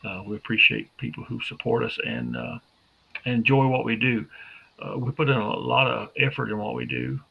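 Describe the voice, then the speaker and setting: A man's voice: medium pitch, expressive, moderate pace, creaky, husky. A man co-hosting a podcast in easygoing, folksy chat, full of fillers. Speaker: podcast co-host. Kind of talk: casual chat. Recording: dull lo-fi.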